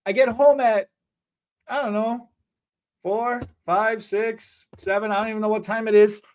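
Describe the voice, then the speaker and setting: A woman's voice: a little high, a little slow. A woman hairstylist in casual chat, telling work stories and acting out her clients in put-on voices. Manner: animated, acts out clients in put-on voices, laughs often.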